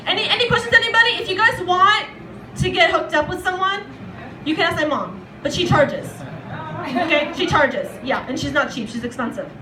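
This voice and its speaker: A woman's voice: very high-pitched, animated, fairly quick, noisy background. A young woman doing crude, blunt stand-up at a bar open mic. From half Palestinian, half Lebanese family. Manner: crude, blunt, punchy storytelling. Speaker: stand-up comedian. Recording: echoey room, faint crowd ambience.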